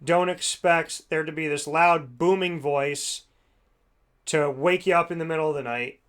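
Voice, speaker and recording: Folksy higher-voiced male show host. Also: fairly even intonation, unhurried, a bit bright, clear, resonant tone. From United States. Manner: folksy, with many fillers, acts out voices in the story. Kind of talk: reflective talk with a told parable.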